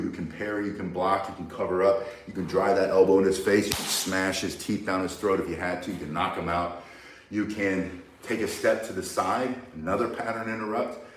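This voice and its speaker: Far from the microphone in a very echoey space, a low-pitched man bluntly and emphatically takes listeners through each self-defense move step by step. There's a little hiss or hum in the background.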